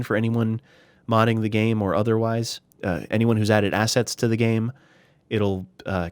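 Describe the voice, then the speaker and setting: Low-voiced man in chatty game commentary. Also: dry recording, studio quality. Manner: relaxed, chatty, with fillers and restarts. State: slightly out of breath. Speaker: gaming YouTuber. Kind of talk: casual screen-recorded tutorial commentary.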